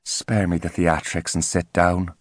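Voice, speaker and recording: A man voicing a cold, condescending twelve-year-old genius in an audiobook, speaking crisply and precisely with cool superiority. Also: low voice, little pitch movement, measured pace, dry recording, clean studio sound. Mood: impatient. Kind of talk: audiobook character voice.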